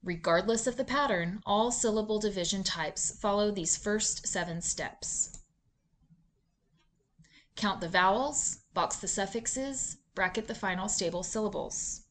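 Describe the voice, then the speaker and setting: A woman giving scripted instructional narration for a reading lesson, in a clear, measured, deliberate teaching delivery. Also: medium pitch, a bit bright, a little hiss or hum. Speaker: literacy instructor.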